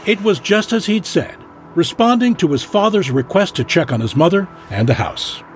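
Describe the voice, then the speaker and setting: A man narrating a true-crime news story with a dramatic, measured delivery. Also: sits high, expressive, soft background music.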